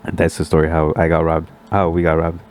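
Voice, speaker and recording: A man's voice: extremely low pitch, fairly quick, a little hiss or hum. A young man on a casual podcast, telling a story with lots of "like" and acting out what other people said. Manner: animated storyteller, acts out quoted voices, many "like" fillers. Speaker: podcast guest.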